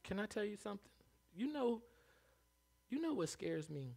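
A man preaching a sermon as pastor, animated, swinging from hushed asides to loud calls. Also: sits high, normal speed, vocal fry.

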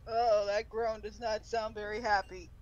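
A woman's voice: mid-range voice, flat delivery, normal speed, lo-fi sound, a loud crowd. A woman in a casual stream chat, giggly and easily amused.

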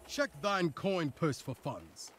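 A man's voice: fairly high pitch, very animated, slow pace, fairly bright tone, slight background noise, exaggerated voice. An actor playing a young man who loves LARP and talks in grand mock-medieval phrases in a video game. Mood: grandiose. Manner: grand archaic speech, snaps into plain swearing. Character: young male LARP fan, pompous mock-medieval talk.

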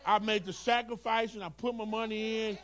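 A male pastor preaching a sermon, dropping to low storytelling and rising to shouted, whooping calls. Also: fairly even intonation, fairly quick. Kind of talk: Black Baptist preaching.

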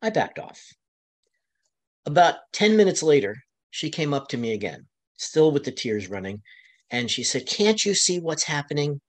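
American man, panel guest, retells with lively pitch swings and restarts. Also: normal speed, pauses often. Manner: animated retelling, voice rising when quoting others, frequent restarts. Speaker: panel guest, county LGBTQ commissioner. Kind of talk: conversational storytelling on a webinar.

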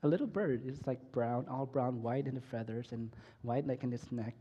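A man giving an emotional personal testimony sermon at a school week of prayer, swinging from soft to loud and slow, often repeating and restarting phrases. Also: medium pitch, dull audio, slight background noise. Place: school worship hall. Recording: echoey hall.

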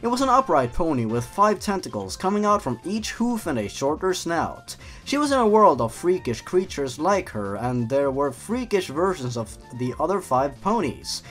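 A man narrating and mocking the stories he reads, with sarcastic, deadpan asides. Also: a little high, moderate pace, hardly any pauses, soft background music. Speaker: YouTuber narrator. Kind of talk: comedic reading with commentary.

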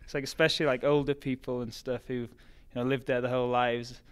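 A man's voice: mid-range voice, fairly quick, clean tone. A young man from Newcastle with a Geordie accent, a college runner chatting casually as an interview guest, with lots of "like" and "um". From Newcastle, England. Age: young adult. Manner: relaxed, many fillers like "like" and "um".

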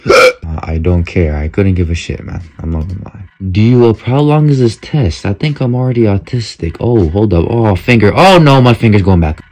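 A young man casually commenting as he takes an online quiz, joking, swearing a lot and reacting loudly to what he sees. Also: fairly low pitch, lively intonation, moderate pace. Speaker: content creator.

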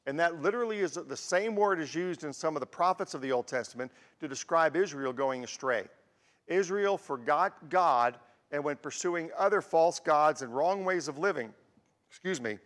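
A man's voice: fairly high pitch, lively intonation, normal speed. Man in his sixties preaching in a reverberant church. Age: 60s. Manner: warm storytelling with personal anecdotes. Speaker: guest preacher. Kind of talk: conversational sermon. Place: church sanctuary. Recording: long church-hall reverb.

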